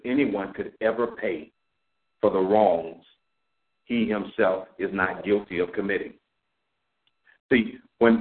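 Low-voiced preacher on a phone line. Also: male voice. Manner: reads scripture slowly and deliberately. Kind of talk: Bible teaching on a community call. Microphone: call audio. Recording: narrow phone-line sound.

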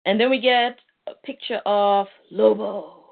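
A woman's voice: mid-range voice, steady tone, a little slow, creaky. A woman co-hosting a casual podcast, animatedly recapping a comic book and laughing along the way. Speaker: podcast co-host. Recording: tinny phone-like sound.

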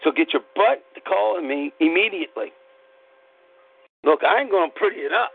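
A man's voice: high-pitched, lively intonation, brisk, gravelly, pauses often, slightly rough. A man hosting a podcast, delivering a blunt, preachy, impassioned monologue and swearing casually. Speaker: podcast host. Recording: tinny phone-line sound with mains hum.

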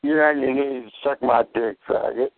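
A man heckling with short, abusive shouts over a phone line. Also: medium pitch, steady tone, moderate pace, gravelly, no room sound. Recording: dry tinny phone line.

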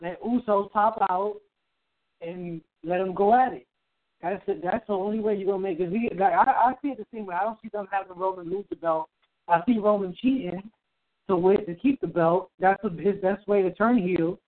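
Casting note: high-pitched excitable man, foul-mouthed wrestling chat, phone-thin audio. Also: moderate pace. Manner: profane, excitable. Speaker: podcast co-host. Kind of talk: casual chat. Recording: tinny phone-like sound.

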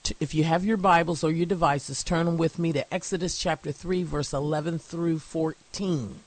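A woman's voice: low-pitched, steady tone, moderate pace. A woman pastor and evangelist preaching an internet sermon, reading scripture aloud and stressing key words.

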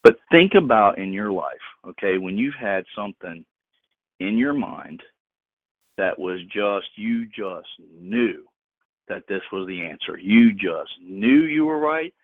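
A man's voice: on the low side, animated, unhurried, dry recording. A man preaching informally to a group on a call, emphatic and slangy, repeating words for stress. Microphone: phone. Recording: tinny dry phone line.

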